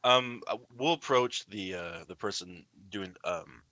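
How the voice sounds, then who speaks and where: A man's voice: sits low, measured pace, bright, forceful tone, no echo. A man playing in a tabletop game, speaking hesitantly with many fillers. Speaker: player.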